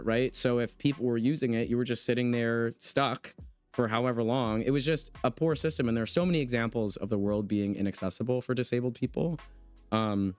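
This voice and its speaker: A man hosting a livestream conversation with a guest, talking in an emphatic, impassioned way and reading out chat comments as he goes. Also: mid-range voice. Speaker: livestream host interviewing a guest.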